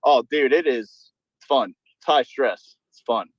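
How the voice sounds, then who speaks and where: A man's voice: mid-range voice, dry recording, low-quality recording. Profane, rambling man on a dry line. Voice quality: profane, rambling, says he talks fast. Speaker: Air Force aircraft maintenance supervisor. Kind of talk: casual group call chat. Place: at work on an air base.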